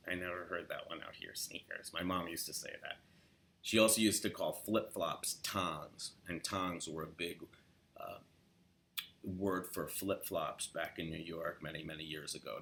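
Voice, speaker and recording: A man's voice: a bass voice, measured pace, gravelly, a little hiss or hum. A man from Los Angeles with a Southern California accent, casually teaching the local way of saying words with example sentences. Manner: relaxed, demonstrates words in quoted example sentences. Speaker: accent tutor. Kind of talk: casual spoken accent lesson.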